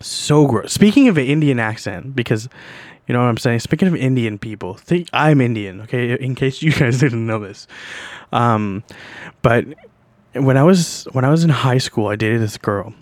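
A man's voice: medium pitch, lively intonation, moderate pace, no echo. Rambling, foul-mouthed young man. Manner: rambling, profane, laughs while telling. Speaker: podcast host. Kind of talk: casual storytelling monologue.

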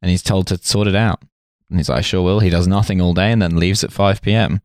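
A man hosting a podcast, recapping a sitcom episode in casual chat with dry, deadpan jokes and frequent laughs. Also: low-pitched, fast talker, no echo. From Britain.

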